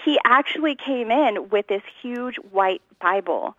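A woman from New Jersey, a guest telling her personal story in a lively, conversational way and laughing often. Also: a little high, a little slow, no echo, lo-fi sound. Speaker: interview guest.

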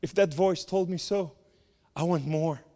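A man's voice: on the high side, measured pace. Impassioned man preaching in a reverberant hall. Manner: dramatic, swings from loud cries to hushed tones. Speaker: preacher giving testimony. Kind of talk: impassioned sermon testimony. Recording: long reverb of a large hall.

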